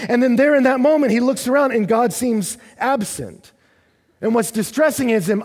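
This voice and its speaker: A man with a strikingly high, breathy voice delivers a sermon to his congregation. He drives each point home through repetition and steps into the psalmist's prayers as he speaks. Long reverb trails after every phrase. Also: moderate pace, darkish tone. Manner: emphatic, repetitive preaching, acting out the psalmist's prayers. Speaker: pastor.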